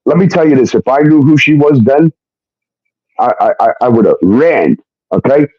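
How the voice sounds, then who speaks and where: A man's voice: medium pitch, animated, normal speed, no echo. A man telling a personal story in a casual, rambling way, blunt and full of fillers and swearing. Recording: muffled dry recording.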